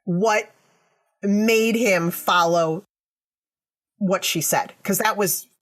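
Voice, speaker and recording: Podcast host, female, mid-pitched, conversational true-crime storyteller. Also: very slow, a bit bright. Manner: storytelling, reads quotes aloud, frequent "right?". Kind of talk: casual true-crime chat.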